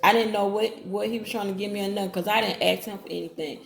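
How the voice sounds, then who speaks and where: In a casual storytime, a woman with a gravelly, fry-laden, mid-range voice tells a personal story quickly and in a steady tone. She rambles, restarts sentences, and acts out dialogue, and the room gives a noticeable echo.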